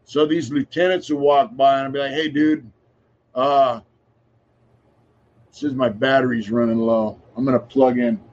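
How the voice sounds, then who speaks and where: A man's voice: medium pitch, fairly even intonation, normal speed, a little mellow. A middle-aged man in casual chat, telling his story in a laid-back, rambling way and trailing off to a mutter. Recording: dull lo-fi sound.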